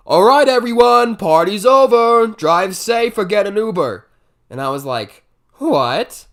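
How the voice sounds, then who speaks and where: Young man, comedic storytime, casual swearing, jumpy delivery, mid-pitched voice. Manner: animated, jumpy delivery with sudden loud bursts, casual swearing.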